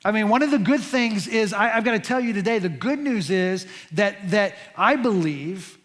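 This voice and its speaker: A middle-aged pastor with a high voice tells a story in a chatty, animated way, tripping over his words and starting lines again. His voice rings out in a large church hall with a long reverb. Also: moderate pace. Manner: animated, conversational with many restarts and fillers. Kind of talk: storytelling sermon.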